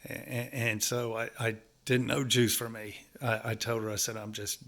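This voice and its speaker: A man's voice: mid-range voice, level tone, normal speed, fairly bright tone. A man with a stuffy, congested nose, talking casually to viewers in a folksy, rambling way while working on a house. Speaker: home-building vlogger. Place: house under construction, indoors.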